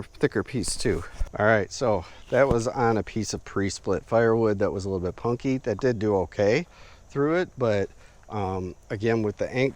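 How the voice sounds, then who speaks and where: A man casually narrating an outdoor knife test, relaxed and rambling with lots of fillers, outdoors in the woods. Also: lowish voice. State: a bit out of breath. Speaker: outdoor gear reviewer.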